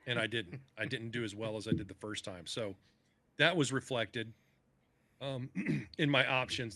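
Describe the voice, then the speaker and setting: A man's voice: mid-range voice, bright, forceful tone. A man, a podcast guest, telling stories in a casual chat, swearing freely and acting out what other people said. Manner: profane, acts out other people's lines.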